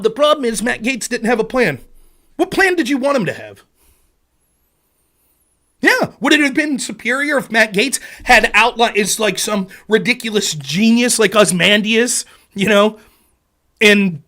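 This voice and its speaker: A man's voice: sits high, sharp tone. A man hosting a political commentary show, ranting in an angry, sarcastic and profane way.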